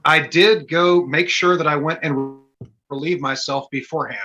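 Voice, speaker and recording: A man with a fairly high, bright voice, deep into an animated story on a podcast. He slips into the voices of the people he quotes. His tone is forceful and tense. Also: normal speed, highs cut off. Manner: animated anecdote-telling, acts out quotes. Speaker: guest stunt performer.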